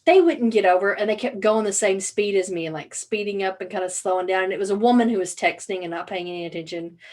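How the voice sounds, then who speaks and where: A woman's voice: mid-range voice, fast talker, a little mellow. A woman co-hosting a casual podcast, telling a story with lots of energy. She peppers her talk with fillers and the occasional swear word. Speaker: podcast co-host. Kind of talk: casual chat.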